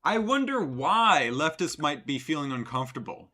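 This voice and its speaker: Guy streamer ranting over a clip, bright voice, mocking and sarcastic, lots of uh and um. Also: on the high side, very animated, moderate pace. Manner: sarcastic, mocking, rambling with many fillers. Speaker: streamer reacting to a video. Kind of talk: sarcastic live-stream commentary.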